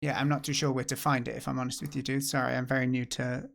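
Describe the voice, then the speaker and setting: A man's voice: medium pitch, little pitch movement, fast, vocal fry. A man hosting a live stream and chatting casually as he works through a tutorial, thinking aloud and joking at his own expense. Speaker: livestream host learning game development. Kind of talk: casual live-stream chat while working.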